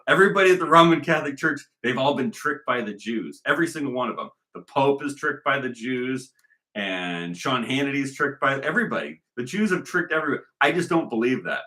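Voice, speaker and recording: A man holds forth in a rambling monologue, often circling back and repeating himself. His voice is bright and forceful. His pitch swings widely as he argues his point. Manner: emphatic, repetitive, argumentative. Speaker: commentator.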